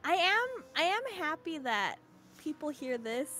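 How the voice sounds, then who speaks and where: A woman's voice: high-pitched, big pitch swings, unhurried, bright, forceful tone, faint music behind. A woman chatting casually on a gaming stream, hesitant with fillers and often laughing.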